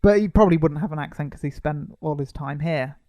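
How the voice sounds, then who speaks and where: Wry higher-voiced man reviewing films. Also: fast, darkish tone, dry recording. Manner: wry, sarcastic asides. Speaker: podcast co-host. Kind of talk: casual film review chat.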